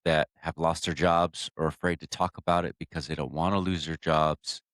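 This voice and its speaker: A man's voice: very deep voice, little pitch movement, moderate pace, fairly bright tone, dry recording, studio quality. A man hosting a podcast interview, speaking earnestly and sympathetically to his guest. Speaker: podcast host. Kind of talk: interview conversation.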